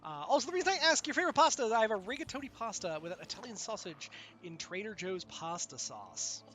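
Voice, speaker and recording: A man's voice: high-pitched, big pitch swings, sharp tone, soft background music. A man streaming a game, chatting casually with a co-player and viewers, often stopping and restarting his sentences. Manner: halting, many restarts and fillers. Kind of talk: casual chat while gaming.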